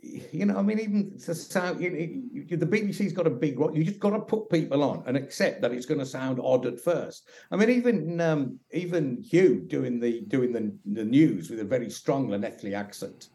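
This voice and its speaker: Mellow West Midlands man, rambling chat. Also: mid-range voice, animated, moderate pace, hardly any pauses. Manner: rambling, peppered with "you know" and restarts. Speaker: podcast guest. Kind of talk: relaxed conversational interview.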